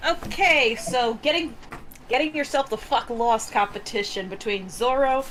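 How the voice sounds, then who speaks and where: Higher-voiced woman chatting with a laugh. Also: measured pace, a bit bright, slight background noise, rough recording. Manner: laughing, swears casually. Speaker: podcast co-host. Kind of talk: casual podcast chat.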